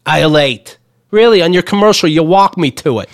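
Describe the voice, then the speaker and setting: A man's voice: on the high side, animated, fairly quick, no echo, clean studio sound. A man hosting a podcast, telling a profane, ranting story in casual comedic chat. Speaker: podcast host.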